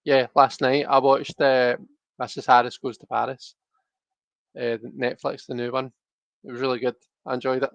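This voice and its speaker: A man's voice: medium pitch, flat delivery, moderate pace, gravelly, no echo. A man hosting a casual tarot livestream, rambling and chatty with lots of restarts and fillers, talking straight to his viewers. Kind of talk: casual chat to live viewers.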